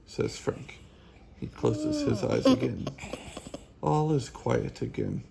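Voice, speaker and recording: Slow, gravelly man reading a storybook. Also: medium pitch, wildly swooping pitch, very noisy. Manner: gentle, unhurried storytelling. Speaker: storybook reader. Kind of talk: reading a children's book aloud.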